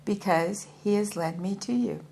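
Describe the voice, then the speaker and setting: A woman's voice: medium pitch, normal speed, vocal fry, warm tone, a little hiss or hum, pitched above the performer's own voice, natural voice. A woman voicing a proud, hefty male yogi and former soldier who speaks formally and politely, calling his listener sir. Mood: earnest.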